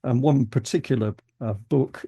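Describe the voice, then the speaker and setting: A man's voice: medium pitch, moderate pace, dark tone, breathy edge. A man from Britain hosting a political interview, talking in a hesitant way with frequent restarts. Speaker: host, interviewer.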